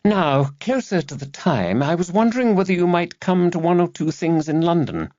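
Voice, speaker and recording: A man doing a brisk actress-director woman. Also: a little high, expressive, a little mellow, dry recording, muffled recording, pitched above the performer's own voice, natural voice. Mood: persuasive. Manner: brisk, commanding. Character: woman film star directing a play, brisk and wry.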